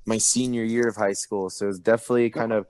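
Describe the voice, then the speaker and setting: Young guest, relaxed, mellow and dry, lots of "like" fillers, on a video call. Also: male voice, fairly low pitch, quick pace, dry recording. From Oceanside, California. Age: 20s. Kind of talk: casual interview.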